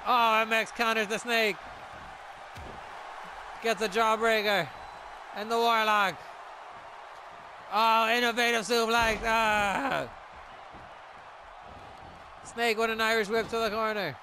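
A man giving excited play-by-play commentary on a wrestling video game match, shouting at the big moves. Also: high voice, takes it slowly, long pauses, a faint crowd, a little hiss or hum, rough recording.

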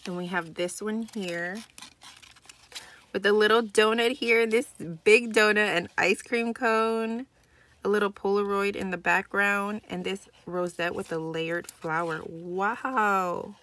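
A woman's voice: mid-range voice, steady tone, takes it slowly, fairly bright tone. A young adult woman hosting a casual crafting vlog, gushing and chatty as she opens a package. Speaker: crafting channel host.

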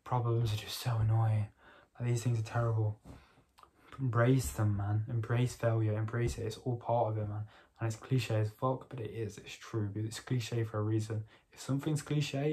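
A man's voice: lowish voice, darkish tone. Swearing young guy vlogging. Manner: rambling, swears freely, motivational. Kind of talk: casual late-night monologue.

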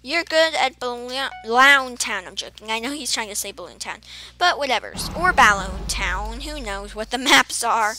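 A woman's voice: on the high side, lively intonation, normal speed, pushed and bright. A woman rambling through casual gameplay commentary, giggling and making playful beeping sound effects. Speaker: gamer commentating her play. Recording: faint game music behind.

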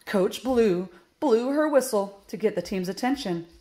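In this read-aloud, a woman teacher's mid-range voice sounds animated yet mellow. She goes through a children's picture book and a subtraction lesson, taking it slow and clear while explaining each step.

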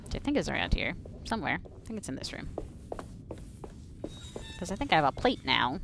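A woman's voice: low-pitched, very animated, a little fast, creaky, over music. A young woman playing a horror game and joking as she talks to herself and her viewers. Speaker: game streamer. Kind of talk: casual gameplay commentary.

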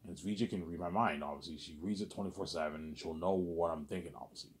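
A man with a fairly low voice rants in a long, rambling monologue. He repeats himself constantly and swears freely, his agitation rising and falling as he talks. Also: fast talker. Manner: repetitive, profane, agitated ranting. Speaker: vlogger.

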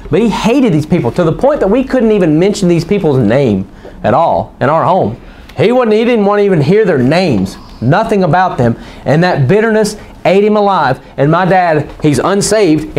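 A man's voice: sits high, big pitch swings, moderate pace, darkish tone. A male pastor preaching a sermon in a church, folksy and joking, then rising into fervent preaching while the congregation calls out amens. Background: congregation calling out amens.

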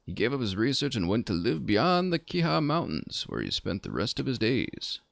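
A man's voice: mid-range voice, huge pitch swings, moderate pace, gravelly, no echo, voice pushed up. A man streaming a game, reading an old man character's dialogue aloud in a put-on old man voice. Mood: musing.

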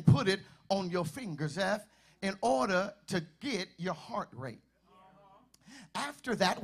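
High-voiced preacher singing his sermon. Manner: call-and-response preaching, half sung, building to shouts. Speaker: pastor. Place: church sanctuary.

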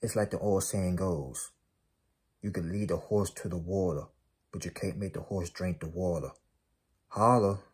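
A man's voice: sits low, steady tone, normal speed, dark tone, husky. A man giving an emphatic spiritual motivational talk, repeating himself and calling out to his audience. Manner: emphatic, repetitive, calls out to the audience. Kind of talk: preachy motivational monologue.

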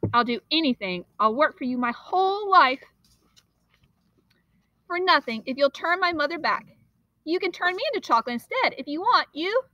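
A woman reading a storybook aloud and voicing a frantic young boy who talks in a breathless, rushed, pleading way. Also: sits high, expressive, sharp tone, dry recording, lo-fi sound, pitched above the performer's own voice.

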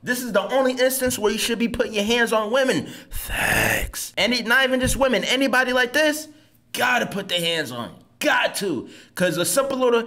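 A man hosting a comedic reaction video, talking in an animated, slangy way. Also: very high-pitched, fairly quick.

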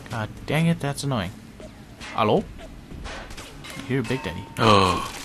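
A man's voice: mid-range voice, very animated, a little slow, pauses often, over music. A man giving casual let's-play commentary, jumpy and self-mocking, pleading with and talking to the game's characters. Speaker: gameplay commentator.

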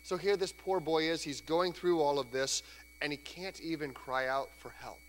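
A man preaching a sermon in a church, conversational and lively, sometimes acting out voices. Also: a little high, normal speed. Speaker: pastor. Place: church sanctuary. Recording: church hall reverb, faint hum.

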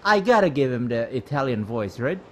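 A man's voice: high voice, very animated, takes it slowly, slight background noise. A man giving chatty, reactive commentary while playing a video game. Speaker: let's play host. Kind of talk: let's play commentary.

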